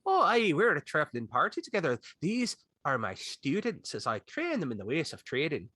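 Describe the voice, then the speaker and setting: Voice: medium pitch, wildly swooping pitch, normal speed, dry recording, full character voice. A player voicing a chatty travelling trader. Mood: friendly. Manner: warm, chatty in character. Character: cheerful travelling trader and teacher.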